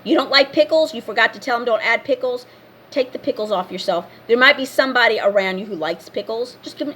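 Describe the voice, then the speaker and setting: A woman's voice: fairly high pitch, fast, sharp tone, a little hiss or hum. Blunt, scolding woman ranting to camera. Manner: blunt and scolding, repeating herself. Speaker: vlogger. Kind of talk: casual rant to camera.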